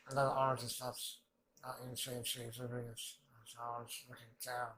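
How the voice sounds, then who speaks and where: A man's voice: medium pitch, normal speed, rough recording. A man giving loose, rambling commentary as he reacts to an anime episode, swearing often and jumping between thoughts. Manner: rambling, excitable, swears a lot. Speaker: reaction channel host.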